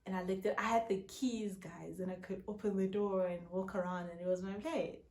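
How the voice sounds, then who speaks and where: A young woman in her twenties with a South African accent, telling a story in an excitable, chatty vlog style at home. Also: mid-range voice, fairly quick. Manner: excitable, many fillers like "yo, guys". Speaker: vlogger. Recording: roomy echo.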